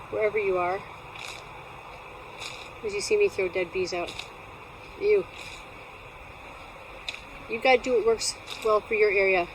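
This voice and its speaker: A woman beekeeper talking at her hives outdoors in a chatty, playful vlog style, teasing herself as she goes. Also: fairly high pitch. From Alaska. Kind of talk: casual outdoor how-to vlog. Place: outdoors at a bee yard. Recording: outdoor noise, passing vehicles.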